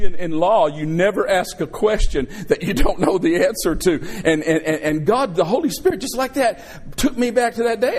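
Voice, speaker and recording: A middle-aged man preaches from the pulpit with a high-pitched voice. He tells a personal story, then turns it into a lesson. He keeps calling out to the congregation for responses. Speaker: pastor. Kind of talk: sermon.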